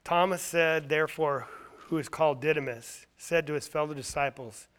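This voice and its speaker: Emphatic high-voiced male preacher. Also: normal speed, smooth. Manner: emphatic, asks rhetorical questions; swings between loud stress and quiet asides. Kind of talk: sermon.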